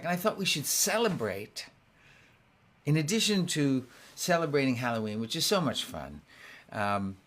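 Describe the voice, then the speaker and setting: A man hosting his weekly concert, talking softly and haltingly between songs, with many restarts. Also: medium pitch. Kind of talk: casual spoken introduction between songs. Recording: guitar playing along in the background.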